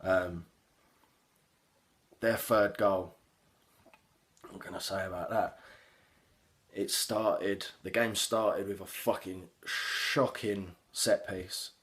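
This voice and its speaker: A man's voice: low-pitched, takes it slowly, pauses often. A young man gives a casual, sweary, rambling reaction to a football match he watched as a fan. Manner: heavy swearing, animated, rambling with fillers.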